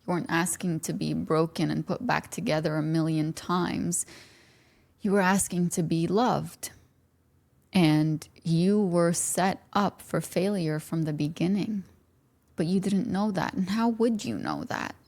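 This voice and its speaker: Gentle low-pitched woman with vocal fry. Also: lively intonation, measured pace. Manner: earnest, speaks directly to the listener. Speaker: podcast host. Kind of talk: reflective podcast monologue.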